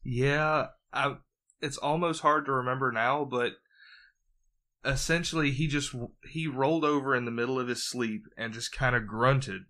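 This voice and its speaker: Bright-voiced man telling stories. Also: medium pitch, normal speed. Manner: storytelling, swears freely. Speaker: guest. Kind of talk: casual podcast chat.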